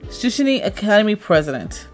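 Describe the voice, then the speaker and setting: A woman's voice: mid-range voice, very animated, brisk. Young woman, casual read-aloud, trips over names, faint music behind. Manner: stumbles over names, laughs it off. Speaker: co-host reading a comic.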